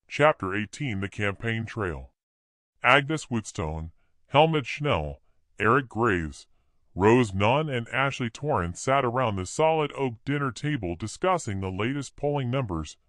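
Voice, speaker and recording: Man, audiobook narrator, lively pitch, dry close sound. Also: no room sound.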